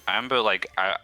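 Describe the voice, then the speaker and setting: A man's voice: fairly low pitch, bright, forceful tone. A man guest streamer chatting casually, restarting sentences and repeating words as he rambles.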